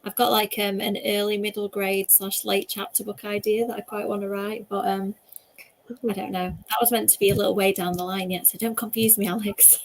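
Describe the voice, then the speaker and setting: Chatty woman host with a gravelly voice. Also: medium pitch, flat delivery, fairly quick, slight background noise. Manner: chatty and rambling, with frequent laughs. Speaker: host, author. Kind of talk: casual chat on a video call.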